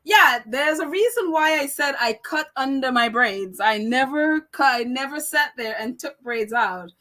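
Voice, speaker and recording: A woman with a high, bright voice hosts a casual live chat. She reads viewer comments aloud, laughs easily, and keeps stopping to correct herself and apologize. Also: expressive, measured pace. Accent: non-American accent. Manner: chatty, laughs often, apologetic and self-correcting. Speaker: live stream host reading viewer comments.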